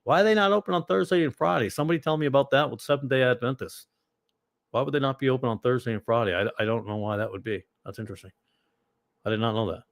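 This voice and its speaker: Male ministry host with a Boston accent, middle-range voice, dry close sound, digressive chat style that flares up loudly. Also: medium pitch, fairly even intonation, fast, gravelly, no echo. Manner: rambling and digressive, with sudden loud outbursts. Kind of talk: casual livestream chat answering viewers.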